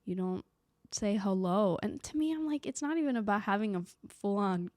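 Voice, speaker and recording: Young woman, from sweden, vlog, middle pitch, chatty and animated, dry close sound. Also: normal speed, no echo. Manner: chatty, animated, acts out quoted people. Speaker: vlogger. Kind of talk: casual reflective monologue.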